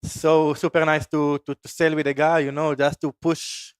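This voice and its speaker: A man's voice: a little high, little pitch movement, normal speed, clean tone, no echo. A man in his twenties, a windsurfing competitor, chatting as a guest co-commentator with many restarts. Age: 20s. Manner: hesitant, many restarts and fillers. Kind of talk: casual chat.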